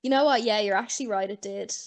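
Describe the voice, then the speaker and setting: A woman's voice: mid-range voice, fast. A woman with an Irish accent hosting a podcast in casual chat, talking freely, swearing and laughing often. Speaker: podcast host.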